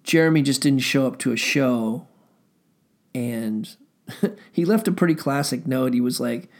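A man's voice: mid-range voice, measured pace. A middle-aged man and musician telling rambling stories in a casual way, full of fillers and swearing. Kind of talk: casual storytelling.

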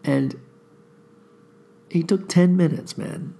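Gravelly, husky-voiced tired man. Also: a little high, takes it slowly, warm tone. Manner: profane, laid-back storytelling. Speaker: podcast host. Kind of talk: casual rambling monologue.

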